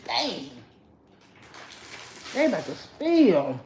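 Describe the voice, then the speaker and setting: Animated chatty woman livestreaming. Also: medium pitch, takes it slowly, long pauses, a little hiss or hum. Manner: chatty, animated, greets viewers by name. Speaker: livestream host. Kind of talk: casual livestream chat with viewers.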